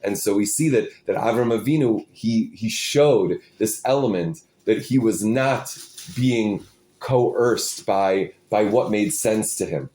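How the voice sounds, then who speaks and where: A man teaching an informal Torah class, halting and restarting his phrases, peppering his English with Hebrew and Yiddish terms. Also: fairly low pitch, warm tone.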